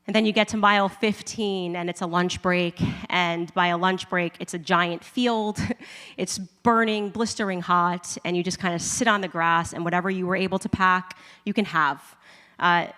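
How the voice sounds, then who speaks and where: Woman, fairly low voice, animated storyteller who laughs a lot, reverb-heavy room. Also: moderate pace. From United States. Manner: animated, laughing often, acting out her own reactions. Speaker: commentator. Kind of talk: personal testimony storytelling.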